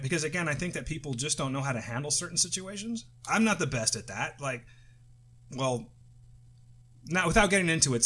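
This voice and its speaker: Recovering from the flu, a middle-aged man rambles through a casual podcast chat, tired and loose. His pitch sits in the middle for a man, and he swears freely and restarts his sentences often. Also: pushed and bright, breathy edge. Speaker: podcast co-host.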